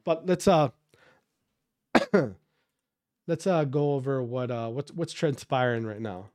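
A man ranting to his viewers about amateur esports players in a profane, fired-up way, then calmly going over the latest news. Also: mid-range voice, unhurried, pauses often, dry recording, clean studio sound. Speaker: esports commentary streamer. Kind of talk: casual rant and news rundown.

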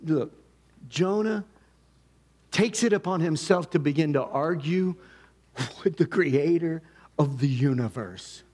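A pastor preaching a sermon, acting out the voices of God and Jonah and swinging between shouted lines and hushed ones. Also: male voice, on the high side, lively intonation, takes it slowly, pauses often.

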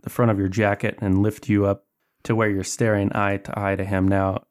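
A man's voice: lowish voice, level tone, normal speed, darkish tone. A man running a tabletop horror game as game master, narrating with frequent fillers and restarts.

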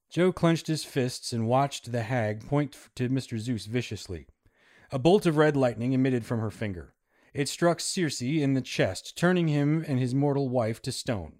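A man's voice: mid-range voice, animated, normal speed, a little mellow. A man reading a story aloud with dramatic narration. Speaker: story reader.

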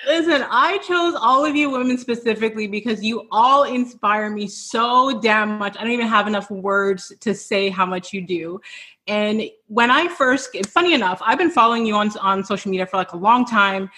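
A woman's voice: fairly high pitch, moderate pace. A woman hosting a virtual podcast celebration over a video call, effusive and close to tears as she praises her guests. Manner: effusive, tearful, warm affirmations. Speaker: podcast host. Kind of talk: emotional virtual event hosting.

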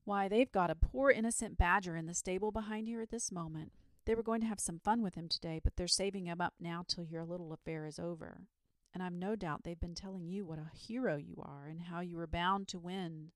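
Lady reading as a worked-up little village boy, impatient and earnest, gravelly edge, dry close sound. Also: lowish voice, no room sound, natural voice. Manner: impatient, pleading, matter-of-fact.

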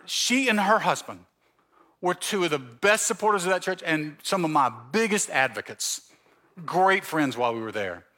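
Bright-voiced preaching man. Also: a little high. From Mississippi Gulf Coast, US. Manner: storytelling, acting out dialogue. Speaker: pastor. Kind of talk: sermon. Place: church sanctuary.

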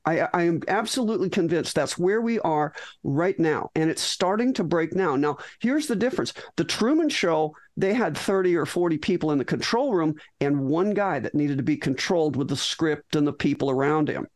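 A woman's voice: low voice, animated, moderate pace, hardly any pauses, a little mellow, no room sound. A middle-aged woman, a physician guest in an interview, tells a story animatedly with frequent restarts and acted-out lines.

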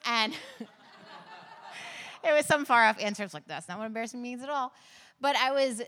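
A woman's voice: a little high, normal speed, fairly bright tone. Earnest woman preaching in a hall. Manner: earnest, storytelling, laughs at her own stories. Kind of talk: sermon. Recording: long reverb of a large hall.

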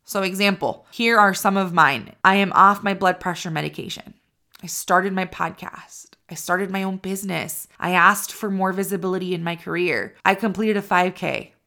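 A woman's voice: on the low side, moderate pace, sharp tone. A woman hosting her own podcast, talking in an encouraging, candid way and swearing casually. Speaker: podcast host. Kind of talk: motivational podcast talk.

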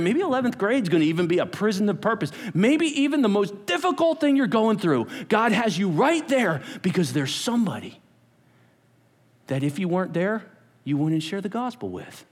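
A man preaching a sermon as pastor, animated, acting out quotes and dropping to whispers. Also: high-pitched, moderate pace. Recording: long hall reverb.

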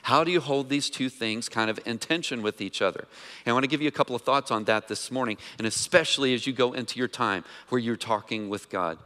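A man's voice: fairly low pitch, bright, forceful tone. A man preaching a sermon as pastor, talking conversationally and putting questions to the congregation. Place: church sanctuary. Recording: long hall reverb.

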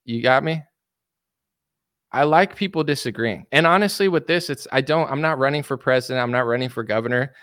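A man talking off the cuff on a livestream, answering viewers' comments in a loose, filler-packed ramble full of restarts. His voice sits in a middle register and sounds smooth and resonant. It is caught close and dry, with no room echo. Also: mid-range voice, fairly quick, fairly bright tone. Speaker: livestream commentator reading chat. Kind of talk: casual political rant.

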